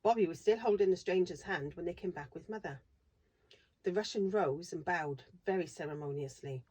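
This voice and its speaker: Husky woman reading a storybook aloud. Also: on the low side, moderate pace. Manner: steady, expressive reading. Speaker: reader. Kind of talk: storybook read-aloud narration.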